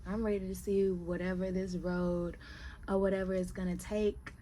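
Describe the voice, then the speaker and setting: A woman's voice: fairly low pitch, moderate pace, a little hiss or hum. A woman in her thirties chatting casually in a vlog, telling stories animatedly and talking straight to her viewers. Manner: chatty, animated storytelling, addresses viewers as y'all. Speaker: vlogger. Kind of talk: casual monthly update vlog.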